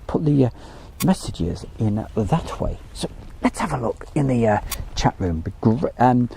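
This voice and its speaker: A man's voice: medium pitch, big pitch swings, a little slow, gravelly, warm tone, slight background noise. A man hosting a casual live stream from outdoors by an airfield, chatty and joking as he reads out viewer messages.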